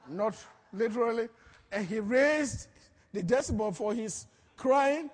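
A man preaching a sermon, telling stories with lively acted-out quotes and frequent laughter. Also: extremely high pitch, slow, long reverb tail. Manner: animated storytelling, acts out quotes, laughs often. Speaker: pastor.

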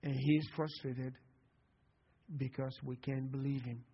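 A man's voice: medium pitch, flat delivery, a little slow, husky. A male pastor preaching a sermon to his congregation, with impassioned delivery and frequent calls of "Amen?". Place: church sanctuary. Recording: long hall reverb, dull lo-fi sound.

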